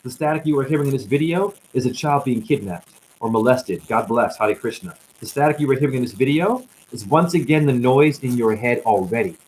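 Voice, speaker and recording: A worn-out man freestyles a spiritual sermon on a livestream, chaining rhymes and puns and breaking into high whoops. His voice sits at an ordinary middle pitch and sounds drained. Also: lively intonation, brisk, a little mellow, a little hiss or hum, poor audio. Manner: rambling rhyming wordplay with sudden whoops. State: tired, drained. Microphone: static-laden livestream mic.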